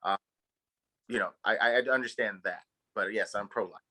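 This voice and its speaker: A man's voice: lowish voice, normal speed, sharp tone, poor audio. A man from Texas co-hosting a podcast, telling a long story in a rambling way, full of fillers and swearing. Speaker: podcast co-host. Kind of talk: casual chat.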